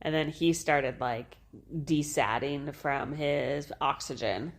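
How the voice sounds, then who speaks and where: Low-voiced woman telling a story animatedly. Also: takes it slowly. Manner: animated, swears freely, laughs while recounting. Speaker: podcast co-host. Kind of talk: casual conversational storytelling.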